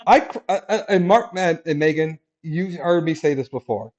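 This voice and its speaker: A middle-aged man hosting a casual podcast chat, talking in an animated way, laughing often and restarting his sentences. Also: a little high, normal speed, muffled recording. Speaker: podcast host.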